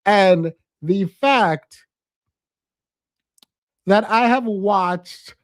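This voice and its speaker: A man with a notably high voice talks casually to his live-stream audience, with frequent laughter and dramatic pauses. The sound is dry and close, with no room around it. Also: no echo. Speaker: streamer and commentator.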